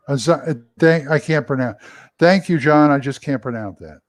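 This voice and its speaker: A man's voice: fairly high pitch, moderate pace, no echo. Joking co-host guy, dry close mic, quips a lot. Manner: wisecracking, chuckling asides. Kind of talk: casual chat.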